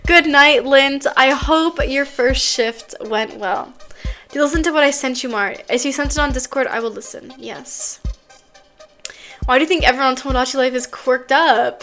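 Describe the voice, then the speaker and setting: Giggly high-voiced young woman streamer. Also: moderate pace, fairly bright tone, soft background music. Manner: giggly, chatty, reading chat aloud. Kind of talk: casual chat.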